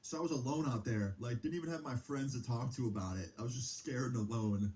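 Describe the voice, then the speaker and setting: A young man streaming, telling a story in a loose, profane casual style full of fillers, his pitch jumping up on exclamations. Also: fast, darkish tone, low-quality recording.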